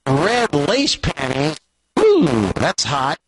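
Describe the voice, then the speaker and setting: A man's voice: a little high, wildly swooping pitch, drawn-out words, noisy background, full character voice. A man doing a cocky fifties hepcat. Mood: smug. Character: cocky young 1950s guy, smooth-talking.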